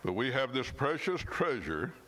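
A man, a pastor, preaching a sermon in church. He reads scripture slowly and with emphasis, and at times his voice drops suddenly soft. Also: medium pitch, big pitch swings.

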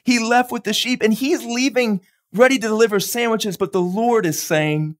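A man with a notably high speaking voice delivers a live sermon as pastor. He preaches with animation, laughs often, and slips into quick acted-out lines of dialogue.

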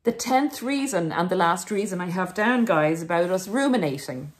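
A woman's voice: fairly low pitch, expressive, moderate pace. A woman hosting a self-help podcast, speaking emphatically and encouragingly to her listeners, calling them guys. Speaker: podcast host. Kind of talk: self-help monologue to viewers.

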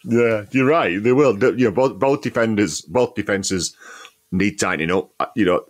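A man's voice: fairly low pitch, normal speed. A man co-hosting a casual football podcast, talking in an easygoing way with many fillers and frequent laughs. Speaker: podcast co-host, former player.

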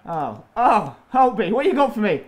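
A young man calls his own football game match, taunting and bragging as he plays. His voice sits high and keeps climbing into loud, excited shouts. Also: normal speed. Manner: excitable, boastful, shouting at big moments. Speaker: gaming YouTuber. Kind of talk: live gameplay commentary with trash talk.

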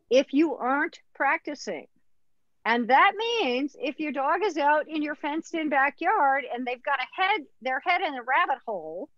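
A woman's voice: high-pitched, a bit bright, no room sound, dull audio. A woman dog trainer teaching a puppy class in a chatty, upbeat way. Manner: chatty, upbeat instructor who acts out dog voices.

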